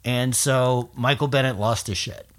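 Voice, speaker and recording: A woman's voice: rumbling low, steady tone, unhurried. A woman co-hosting a casual political chat, blunt and explanatory, often finishing her partner's sentences. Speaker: podcast co-host. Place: lives in Colorado.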